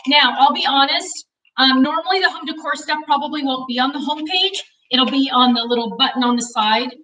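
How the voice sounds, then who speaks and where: Bright, chatty woman heard from afar. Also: sits high, a little fast. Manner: chatty, self-deprecating, talks loudly to reach distant cameras. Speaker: host of a live craft product stream. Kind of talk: casual live-stream chat. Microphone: no mic, cameras far away. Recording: distant, unmiked room sound.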